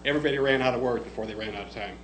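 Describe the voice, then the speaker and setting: A man's voice: mid-range voice, very fast, rough recording. A man with a mid-range voice criticizes how a county board runs its meetings. He asks rhetorical questions and answers them sarcastically. A faint hum sits under the recording. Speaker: public commenter.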